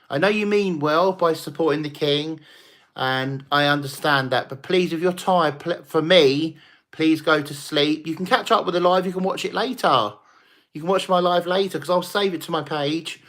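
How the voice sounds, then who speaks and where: Slightly tipsy after a few drinks, the livestream host chats with viewers late at night in a loose, rambling way, laughing and cursing throughout. His voice leans high and has a fairly bright tone.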